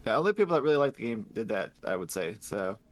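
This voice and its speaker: A man on a podcast casually recapping a video game story, rambling and swearing, laughing as he acts out characters in quick paraphrase. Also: lowish voice, sing-song. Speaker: podcast host.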